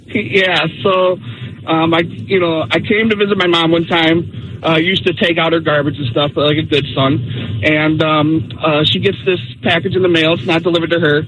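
A man telling a funny personal anecdote on a radio show, animated and lively. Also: a little high, moderate pace, noisy background. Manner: animated storyteller. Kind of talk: storytelling anecdote.

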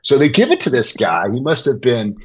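Husky-voiced man telling a wild story. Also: medium pitch, a little fast, poor audio. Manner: excited, laughing anecdote teller. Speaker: guest, former TV gladiator. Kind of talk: animated storytelling.

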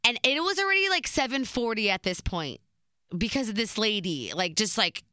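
A young woman telling a story to camera in a chatty, casual way, full of fillers and lively retelling. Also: on the high side, normal speed, no room sound, studio quality. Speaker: vlogger.

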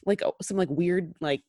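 Woman in her thirties, low-pitched, dry close sound; chatty co-host, heavy on fillers. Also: a little mellow, dry recording. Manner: chatty, many fillers and restarts. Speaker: podcast co-host. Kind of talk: casual chat.

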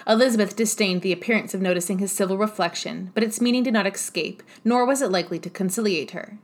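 A woman's voice: medium pitch, fast talker, few pauses. Woman narrating a classic novel. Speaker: audiobook narrator. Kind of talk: scripted narration.

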